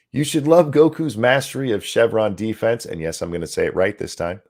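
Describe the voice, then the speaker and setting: A man co-hosting a casual podcast chat, animated and profane, tripping over words as he reads viewer comments aloud. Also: on the low side, moderate pace. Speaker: co-host.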